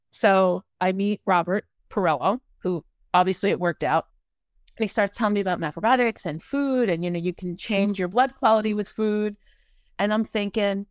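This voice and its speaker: An older American woman telling a personal story in a halting way, with many restarts and acted-out quotes. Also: mid-range voice, clean tone, dry recording. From United States.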